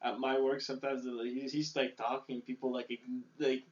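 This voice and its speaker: A man's voice: mid-range voice, little pitch movement, moderate pace, crowd noise. A young man co-hosting a podcast, talking in casual chat with loose, run-on sentences full of "like" and "you know". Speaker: podcast co-host. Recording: dull lo-fi sound.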